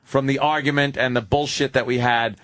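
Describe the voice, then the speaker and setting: A man's voice: medium pitch, fairly even intonation, a little fast, fairly bright tone, no room sound. A man in a radio studio, chatting casually, blunt and profane, laughing often. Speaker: radio talk show panelist.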